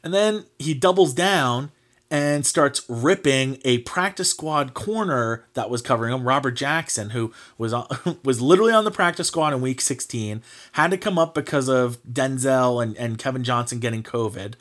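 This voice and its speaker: A man's voice: mid-range voice, normal speed, a bit bright. Man ranting on a sports podcast. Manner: heated, mocking, swears freely, many fillers. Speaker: podcast host. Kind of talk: casual sports podcast rant.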